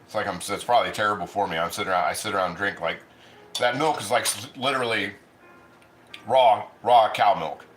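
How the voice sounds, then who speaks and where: Chatty male stream host, mouth half full, bright sharp voice, roomy sound with faint hum. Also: fairly low pitch, brisk. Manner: chatty, rambling, eats while talking. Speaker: livestream cooking host. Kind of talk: casual livestream chat.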